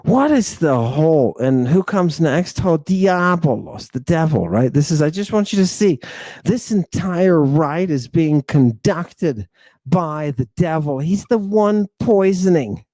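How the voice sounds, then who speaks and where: Slow, emphatic man lecturing. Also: a little high, lively intonation, dark tone, no room sound. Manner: emphatic, repeats phrases, keeps asking "right?". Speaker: lecturer on ancient texts. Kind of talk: impassioned lecture.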